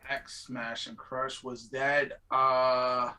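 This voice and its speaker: A man's voice: medium pitch, little pitch movement, very slow, bright, forceful tone. A man who is a guest on a podcast, answering in a hesitant way and laughing. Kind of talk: casual podcast chat.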